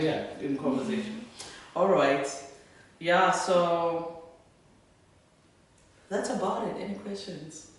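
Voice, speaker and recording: A woman's voice: fairly low pitch, slight background noise. Woman author reading in an echoey hall. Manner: lively and laughing in Q&A. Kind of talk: reading her own fiction, then Q&A. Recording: echoey room, distant mic.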